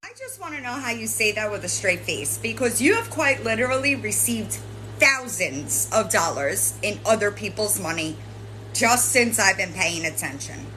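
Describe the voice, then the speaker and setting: Woman chewing someone out, keeps saying right?, lively up-and-down voice. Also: mid-range voice, normal speed, faint music behind, low-quality recording. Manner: lecturing, scolding, keeps adding "right?", swears. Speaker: commentary channel host. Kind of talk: confrontational commentary addressing a streamer.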